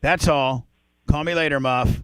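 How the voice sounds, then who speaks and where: A man hosting a radio show, joking and swearing in casual banter with frequent halting restarts. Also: fairly high pitch, noisy background. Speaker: radio host. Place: radio studio. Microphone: studio microphone.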